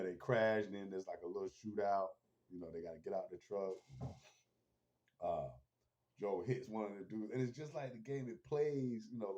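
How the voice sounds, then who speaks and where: A man's voice: deep voice, warm tone, muffled recording. A man hosting his own channel, recapping a TV episode in a laid-back, slangy, rambling way. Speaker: host.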